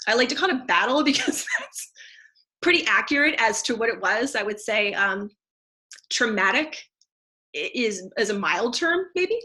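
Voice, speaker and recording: A woman in her thirties tells her story in a loose, chatty way, full of "like" and "um". Her voice sits a little high and rings bright and forward. She sounds effusive and sincere. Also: big pitch swings, moderate pace. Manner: chatty and effusive, many fillers and restarts. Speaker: teacher and essential oils seller. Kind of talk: casual testimonial talk.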